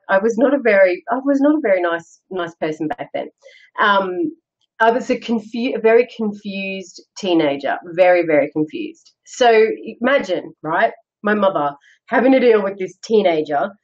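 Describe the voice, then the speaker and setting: A middle-aged woman hosts a casual live chat, reading out viewer comments and answering them in a candid, laughing way. Her voice sits in a middling pitch, and the sound is dull and lo-fi. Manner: chatty, candid, laughs often, self-deprecating. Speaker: host.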